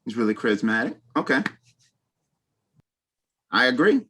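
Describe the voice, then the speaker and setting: A man leading a youth workshop discussion over a video call, slow and hesitant, often repeating his words as he searches for them. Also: mid-range voice, sing-song, fairly bright tone, slight background noise. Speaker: workshop presenter.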